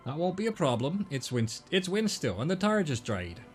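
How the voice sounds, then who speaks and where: A man's voice: fairly high pitch, big pitch swings, moderate pace, soft background music, voice pushed up. Man playing a village woman with a skiff, raised voice, awkward put-on accent. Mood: practical. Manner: failed attempt at an accent.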